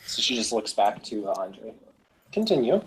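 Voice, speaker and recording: A man's voice: fairly low pitch, flat delivery, moderate pace, fairly bright tone, slight background noise, poor audio. A man narrating a tabletop role-playing game as game master, in a casual manner with frequent fillers.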